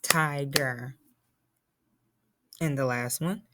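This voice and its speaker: A woman's voice: a bass voice, slow pace, noisy background. A woman teacher giving a phonics lesson to young children, patiently spelling and sounding out words.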